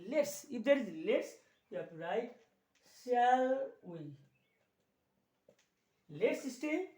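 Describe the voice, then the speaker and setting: A male teacher with a Nepali accent giving an English grammar lesson, speaking slowly, repeating key words and slipping into Nepali to explain. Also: very high-pitched, very animated, a little mellow, distant mic. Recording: echoey room, voice a little off-mic.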